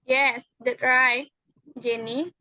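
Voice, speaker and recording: A woman's voice: high-pitched, level tone, extremely slow, pushed and bright, no echo. A young woman with an Indonesian accent explaining physics formulas carefully in a classroom manner, with frequent hesitations. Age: young adult. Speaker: university student acting as physics teacher. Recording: dry, dull lo-fi sound.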